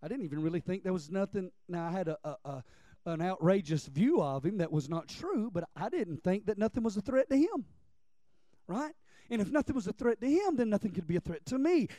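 High-voiced preacher telling stories. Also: male voice, no room sound. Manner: storytelling, emphatic, drops to quiet for personal stories. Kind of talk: sermon.

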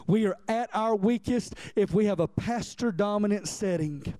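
A pastor delivering a sermon in a high, mellow voice. He preaches in a conversational way, repeating key lines and checking in with the congregation. The sound is dry and close. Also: normal speed, dry recording.

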